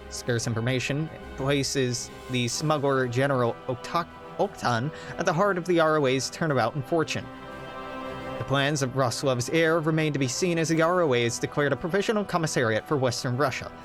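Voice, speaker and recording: A man's voice: a little high, fairly bright tone. A young man reading game event text aloud, breaking off into wry, joking asides. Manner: wry, joking asides between read-out passages. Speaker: game streamer.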